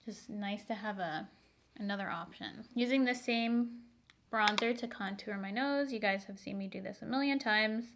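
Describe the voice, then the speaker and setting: A woman's voice: medium pitch, fairly bright tone. Chatty young woman vlogger. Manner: chatty, laughs often, asides to viewers. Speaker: beauty vlogger. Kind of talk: chatty makeup tutorial.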